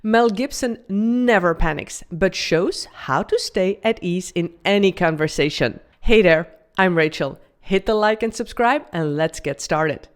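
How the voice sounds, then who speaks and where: A woman's voice: lowish voice, unhurried, few pauses. Woman host coaching on confidence. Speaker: video host and communication coach. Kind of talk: scripted commentary to camera.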